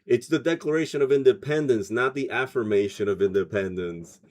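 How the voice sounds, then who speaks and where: A man's voice: medium pitch, fairly quick, a little mellow. A man hosting a spiritual livestream, chatting loosely, laughing often and reading viewer comments aloud. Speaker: meditation livestream host. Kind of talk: casual livestream chat.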